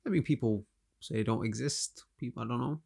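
A man's voice: medium pitch, brisk, gravelly, a little mellow, slightly rough. A man co-hosting a podcast, reasoning things through in casual chat. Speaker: podcast co-host.

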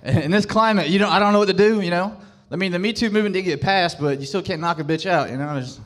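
A man's voice: high voice, quick pace, few pauses. A man doing a stand-up set on a club stage, hesitant, full of stammered restarts. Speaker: stand-up comedian.

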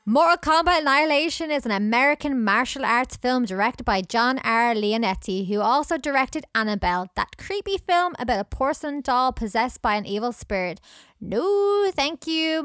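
A young woman co-hosting a podcast in a chatty, joking way, swearing freely. Her voice sits fairly high. The sound is dry and close to the mic. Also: a bit bright, smooth, no room sound. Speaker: podcast co-host. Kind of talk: casual podcast chat.

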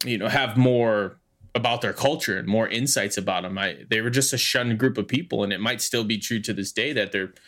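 A man's voice: lowish voice, brisk, fairly bright tone. A man co-hosting a casual podcast, thinking aloud with lots of fillers and restarts. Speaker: podcast co-host.

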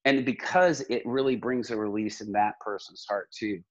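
A man's voice: fairly low pitch, steady tone, moderate pace, muffled recording. Earnest rambling middle-aged man. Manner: earnest, rambling with many restarts. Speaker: pastor and podcast guest. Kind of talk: casual conversation.

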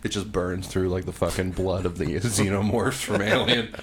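A man with a lowish voice talks loosely on a podcast, peppering his lines with swearing and laughter. He reads out strange stories in an offhand, joking way. A faint room hum sits under the voice. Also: fairly even intonation, normal speed, a bit bright. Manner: profane, laughing, puts on silly voices. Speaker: podcast co-host. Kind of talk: casual comedic chat. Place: home room, smoking while recording.

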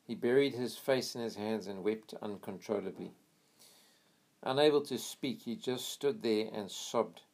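Low-voiced man reading a memoir aloud. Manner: earnest, pauses for quiet prayers. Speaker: reader of a missionary memoir.

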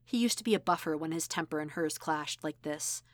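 Woman narrator, measured audiobook read, low voice, dry sound. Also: no echo. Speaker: audiobook reader. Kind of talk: audiobook narration of fan fiction.

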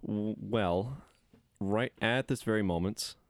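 A young student talking in a casual podcast chat, halting and full of fillers. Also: male voice, on the low side, no echo. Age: young adult. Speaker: podcast guest.

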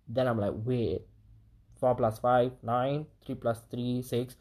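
Animated young woman chatting about songs. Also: a bass voice, moderate pace. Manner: animated, swearing, sings lyric snippets, laughs often. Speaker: album reviewer. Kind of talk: casual vlog chat.

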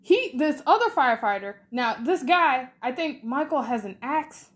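A woman in her twenties co-hosting a podcast, chatting casually through a film review with lots of fillers and lively retelling. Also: high voice, normal speed. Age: 20s. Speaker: podcast co-host.

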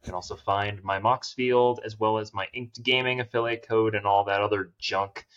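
A man with a lower voice talks in a loose, rambling podcast chat, poking fun at himself and laughing often. The sound is dull and lo-fi. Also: fairly even intonation, moderate pace, fairly bright tone. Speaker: podcast guest, cosplayer. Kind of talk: casual chat.

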